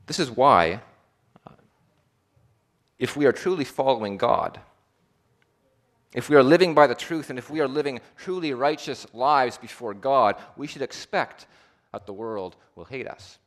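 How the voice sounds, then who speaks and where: A man preaching a sermon, rising to loud emphatic peaks and sinking to low, hushed phrase endings, and slowing down for deliberate repeated emphasis. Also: lively intonation.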